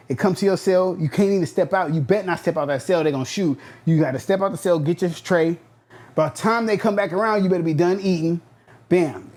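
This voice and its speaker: A man's voice: on the high side, a little mellow. Blunt, slangy man telling his story. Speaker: podcast guest. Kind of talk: storytelling interview.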